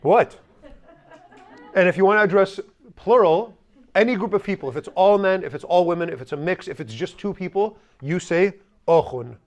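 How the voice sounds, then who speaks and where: A man's voice: sits high, lively intonation, brisk. A man teaching a language class, drilling phrases with the students and adding joking asides.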